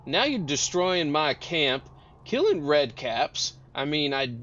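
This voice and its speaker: A man's voice: on the high side, sing-song, slow pace, fairly bright tone, heavily acted. A man voicing a blunt, swearing female boss of a fort in a tabletop game, on dull lo-fi audio. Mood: exasperated. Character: foul-mouthed tough female fort boss. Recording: dull lo-fi audio, faint noise.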